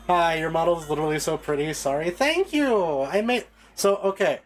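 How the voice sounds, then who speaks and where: A man's voice: fairly high pitch, expressive, normal speed, hardly any pauses, low-quality recording. A man streaming a game, chatting casually with viewers and brushing off his own slips. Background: game soundtrack music.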